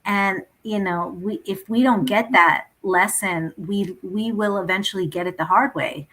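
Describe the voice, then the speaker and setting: A woman's voice: mid-range voice, a little slow, fairly bright tone, low-quality recording. Woman singer from Ethiopia, interview guest, earnest and reflective. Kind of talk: interview talk.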